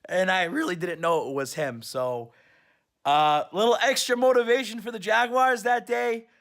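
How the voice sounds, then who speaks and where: A man's voice: high voice, normal speed, a bit bright. A superfan man recapping his trip in a casual, rambling story. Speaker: superfan vlogger.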